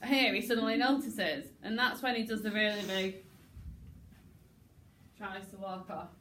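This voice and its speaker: A woman teacher directing a class drama rehearsal, brisk and joking, acting lines out herself. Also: medium pitch, fairly even intonation, background noise.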